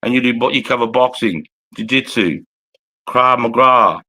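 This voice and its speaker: A man's voice: mid-range voice, moderate pace, bright, forceful tone. An Australian man, an army veteran, telling blunt, profane, rambling stories casually on a livestream.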